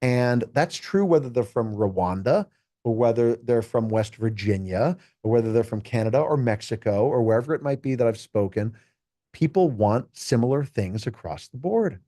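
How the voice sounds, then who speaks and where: Man, middle-aged, mellow warm tone, dry close sound, lively storytelling. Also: mid-range voice, moderate pace, no echo. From United States. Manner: enthusiastic, animated storytelling with acted quotes. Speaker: keynote speaker and juggler. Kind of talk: casual interview conversation.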